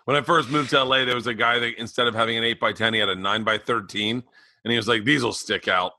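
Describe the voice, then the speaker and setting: A comedian tells an animated story on a podcast, laughing through his own punchlines. His voice has a bright edge at an average pitch for a man. The sound is dry and close, with no room around it. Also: quick pace, dry recording.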